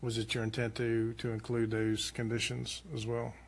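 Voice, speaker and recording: A man's voice: mid-range voice, completely flat delivery, moderate pace, gravelly. A man chairing a county board meeting, running the motions and votes in short, procedural phrases. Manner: procedural, brief.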